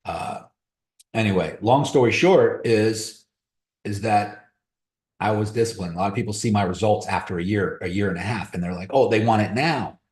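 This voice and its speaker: A man's voice: on the low side, moderate pace, a little mellow, echoey room. A man hosting a crypto trading webinar, giving blunt, motivational advice in casual live-stream talk. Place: room on a video call.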